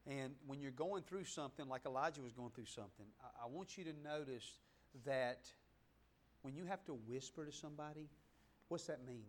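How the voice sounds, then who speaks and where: A man preaching a sermon in a church, talking straight to the congregation and swinging between loud, fervent passages and soft, hushed asides. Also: medium pitch, normal speed. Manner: conversational, addresses the congregation directly. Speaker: pastor. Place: church sanctuary, in front of a congregation.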